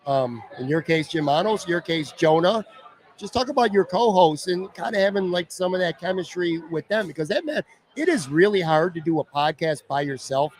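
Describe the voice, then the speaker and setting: A man hosting a podcast recorded live in a pizza bar, his voice sitting a touch higher than most men's. He talks earnestly and at length, winding through his questions. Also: lively intonation, normal speed. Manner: earnest, asks long rambling questions. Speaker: podcast host.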